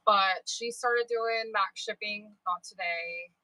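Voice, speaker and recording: A young woman talks to her livestream viewers about selling, candid and chatty, now and then swearing and drifting off topic. Her voice is bright and forward. The sound is dry and close, with no room echo. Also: medium pitch, slow. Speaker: livestream seller. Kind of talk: casual livestream chat.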